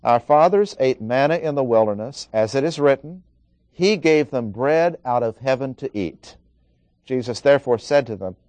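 A man's voice: medium pitch, darkish tone, no room sound. A man preaching an expository Bible lesson, working through numbered points and reading scripture aloud.

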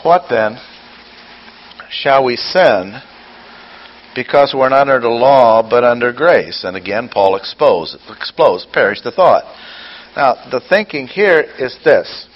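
Emphatic preacher, lively pitch, lo-fi. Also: male voice, slow pace. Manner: rhetorical questions, emphatic repetition. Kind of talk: sermon. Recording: dull lo-fi recording with faint ambience.

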